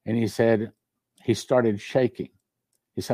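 Man preaching with a dark, dry voice. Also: medium pitch, steady tone, unhurried, pauses often, dry recording. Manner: earnest storytelling preacher, reads scripture aloud. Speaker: pastor. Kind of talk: sermon.

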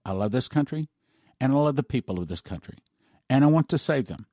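A man voicing a stern male angel who gives grave warnings in a slow, commanding way. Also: mid-range voice, animated, dark tone, dry recording, clean studio sound. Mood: solemn.

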